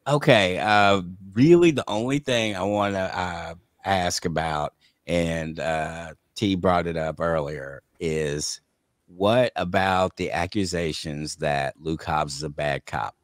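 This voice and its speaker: Very deep, slow-talking man. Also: no echo, studio quality. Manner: slow, hesitant questioning. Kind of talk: casual podcast questioning.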